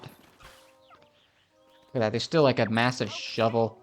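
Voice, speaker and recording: A man's voice: medium pitch, steady tone, slow, faint music behind. A man casually commentating on a video game as a let's play host, chatty and easygoing.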